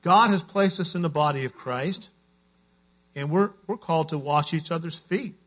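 A man's voice: on the high side, moderate pace, a bit bright. A man preaching a sermon as a pastor, telling stories in an earnest way.

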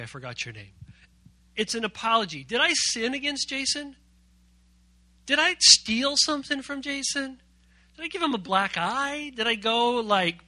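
A man's voice: extremely high pitch, pushed and bright, no echo. A man preaching a youth sermon as pastor, playful and jokey, quizzing his young audience.

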